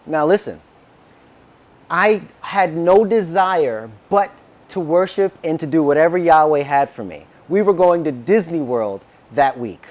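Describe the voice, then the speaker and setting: A man preaching a sermon, telling a personal story in an animated way and acting out the dialogue. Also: on the high side, measured pace. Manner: animated, acts out quoted dialogue. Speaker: minister.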